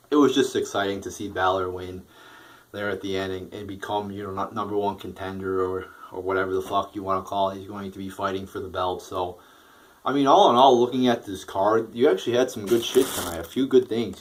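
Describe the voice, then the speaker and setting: A man's voice: deep voice, fairly quick, a little hiss or hum, poor audio. A young man giving a casual, profane wrestling show review, rambling with fillers and restarts.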